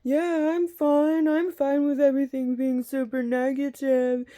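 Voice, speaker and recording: A woman's voice: high voice, little pitch movement, a little slow, warm tone, voice pushed up. A woman putting on the voice of a complacent person who doesn't care about learning, in a mocking tone. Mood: mocking dismissive.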